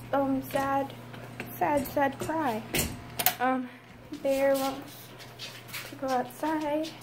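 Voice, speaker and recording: A tired young woman chatting casually in a home vlog, soft and hesitant with many pauses and ums. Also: high-pitched, noisy background. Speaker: vlogger. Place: home, indoors.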